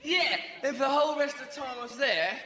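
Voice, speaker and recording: High-voiced comedian on stage. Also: male voice. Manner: fast, animated storytelling with sudden voices and shouting. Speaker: stand-up comedian. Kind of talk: stand-up comedy. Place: large theatre stage. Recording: echoey live venue, crowd noise.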